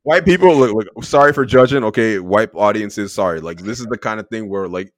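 A man's voice: lowish voice, a little fast, dry recording, studio quality. A Canadian man guesting on a podcast, talking candidly and emphatically, swearing freely. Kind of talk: casual chat.

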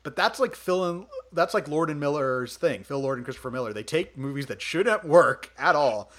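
Animated, lively-voiced man chatting movies. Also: a little high, moderate pace. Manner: animated, swears freely, laughs often. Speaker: podcast host. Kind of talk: casual movie chat.

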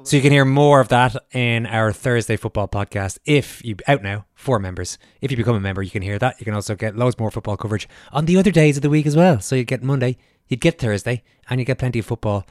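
An Irish man hosting a podcast in a relaxed, chatty way, laughing easily. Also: medium pitch, fast talker, hardly any pauses, dry recording, studio quality. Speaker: podcast host. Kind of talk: casual podcast chat.

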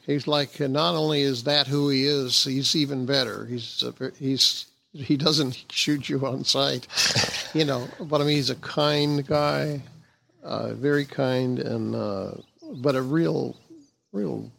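Older man with a gravelly, halting voice. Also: medium pitch, steady tone, fairly bright tone. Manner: halting, full of restarts and fillers, chuckling. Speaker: guest, jazz bassist and former actor. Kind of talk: casual interview chat.

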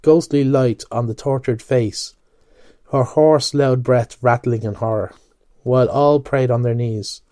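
A man reading literature aloud for a podcast, measured, now and then stumbling and correcting himself. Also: mid-range voice, fairly even intonation, warm tone, no echo. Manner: measured, with occasional slips and self-corrections. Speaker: podcast reader.

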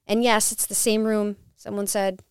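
A woman guest on a podcast, telling her paranormal investigation story in a casual, animated way and acting out quotes. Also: mid-range voice, moderate pace, clear, resonant tone, dry recording, studio quality.

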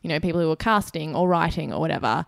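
A woman's voice: deep voice, animated, fast, creaky, no echo, clean studio sound. An Australian woman co-hosting a podcast, giving frank opinions in casual chat and laughing easily. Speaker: podcast co-host.

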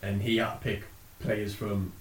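A man's voice: lowish voice, level tone, a little slow, echoey room, a little hiss or hum. A man co-hosting a casual football podcast, animatedly retelling TV clips and laughing often. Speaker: podcast co-host.

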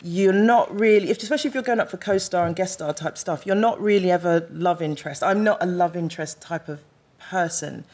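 Woman, actor guest, animated storyteller, laughs a lot, casual live podcast chat. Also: lowish voice, fairly quick.

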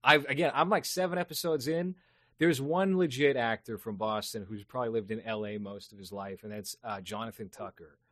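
A man's voice: mid-range voice, fairly quick, a bit bright, dry recording. A man co-hosting a podcast in casual chat, teasing and wry in his banter. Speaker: podcast co-host.

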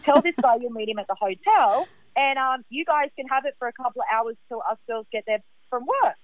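A woman caller telling a personal story in an animated, chatty way, heavy on fillers. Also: sits high, brisk, no echo. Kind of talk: casual storytelling. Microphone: phone. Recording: tinny phone line.

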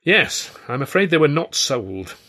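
A man's voice: a little high, big pitch swings, measured pace, bright, forceful tone, voice pushed up, heavily acted. A man voicing a pompous, indignant male vaudeville agent with a haughty, theatrical manner. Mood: scornful.

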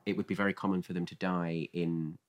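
A man's voice: deep voice, flat delivery, brisk. A man co-hosting a podcast, talking in a conversational, reflective, chatty way. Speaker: podcast co-host. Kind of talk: casual chat.

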